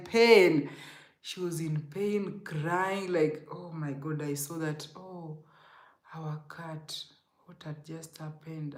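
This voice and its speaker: A woman's voice: fairly low pitch, roomy sound. A Kenyan woman telling an emotional, rambling storytime to her viewers, often calling them guys. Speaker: vlogger. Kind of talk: storytime vlog.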